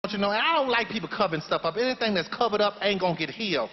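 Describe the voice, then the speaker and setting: Very fast and high-pitched, with lively intonation, a man performs as a sassy, preachy grandmother in a play, giving blunt, folksy, sermon-style life lessons on stage before a live audience. The recording of the reverberant hall is dull and carries a slight hiss or hum.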